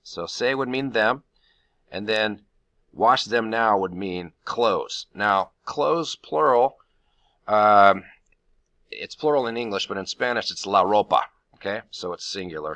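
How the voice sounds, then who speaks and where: A man's voice: fairly low pitch, unhurried, sharp tone, dry recording. A man teaching a Spanish grammar lesson to his class, explaining each step patiently and counting syllables aloud.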